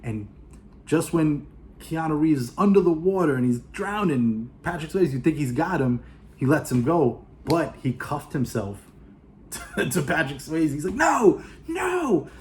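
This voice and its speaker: A man's voice: fairly high pitch, a little slow, slight background noise. A man with a New York accent casually retelling a movie plot, acting out the characters' lines. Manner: animated, acts out characters' lines. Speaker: movie reviewer.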